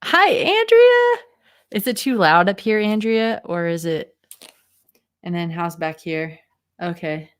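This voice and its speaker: A woman's voice: lowish voice, flat delivery, a little slow, clean tone. A woman hosting a casual livestream chat over a video call, rambling with fillers and giggles. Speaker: host.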